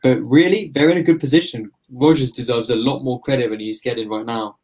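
A man's voice: medium pitch, fairly quick, a little mellow. Man giving confident football analysis. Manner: confident analytical, building points at length. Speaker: football pundit. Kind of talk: casual podcast discussion.

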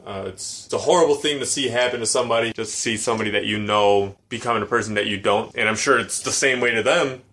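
A man co-hosting a podcast, telling stories with animated, profane rants among friends. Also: fairly low pitch, quick pace, few pauses. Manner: ranting, animated storytelling. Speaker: podcast co-host. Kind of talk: casual profane banter.

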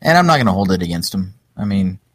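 A man's voice: deep voice, big pitch swings, fast, a bit bright, breathy edge, dry recording. A man co-hosting a podcast in casual chat, easygoing and hesitant, with many ums and restarts. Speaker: podcast co-host.

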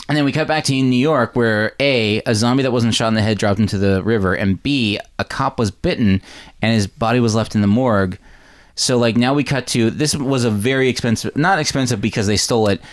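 A man co-hosting a podcast, giving a rambling, animated recap of a horror film. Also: mid-range voice, a little fast. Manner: rambling, animated retelling with quoted voices. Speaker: podcast co-host. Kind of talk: casual movie recap.

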